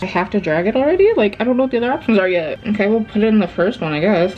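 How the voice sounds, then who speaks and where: Woman book vlogger, casual and talkative, mid pitch, reads prompts aloud, blunt reactions. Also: expressive, fast, hardly any pauses, a little mellow, muffled recording, soft background music. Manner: frank, swears casually. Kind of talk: casual vlog chat.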